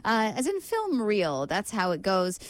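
A woman's voice: medium pitch, huge pitch swings, unhurried, no echo, clean studio sound. A woman, co-hosting a breakfast radio show in a chatty, giggly way. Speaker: radio co-host.

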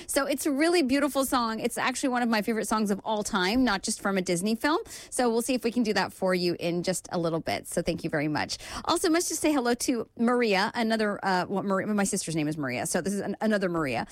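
A young woman hosting a radio show, chatting warmly and upbeat with frequent filler words as she reads listener messages. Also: mid-range voice, lively intonation, fast, hardly any pauses, dry recording. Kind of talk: casual chat reading listener messages.

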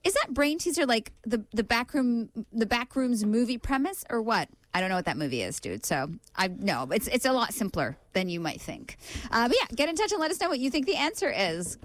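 A morning radio co-host, a woman with a somewhat high voice who laughs easily between listener messages. The sound is dry and close, as on a studio microphone. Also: big pitch swings, fairly quick, no room sound. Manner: giggly, reads listener messages aloud. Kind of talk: casual morning radio chat.

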